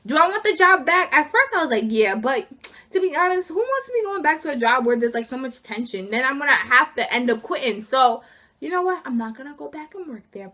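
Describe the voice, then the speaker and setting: A young woman vlogger telling an indignant, animated story about being fired, acting out each side of the conversation. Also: high-pitched. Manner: indignant, animated retelling with acted quotes. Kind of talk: casual storytime rant.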